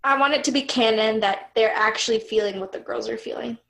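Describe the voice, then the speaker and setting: A woman's voice: fairly high pitch, a little fast, creaky, a bit bright. A young woman reading a story aloud as a comedy co-host, sarcastic and amused as she comments on it.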